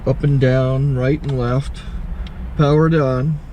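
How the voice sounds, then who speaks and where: A man casually explaining a step-by-step setup from inside his truck cab, in a relaxed, halting way. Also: medium pitch, a little hiss or hum, rough recording. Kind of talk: casual how-to video.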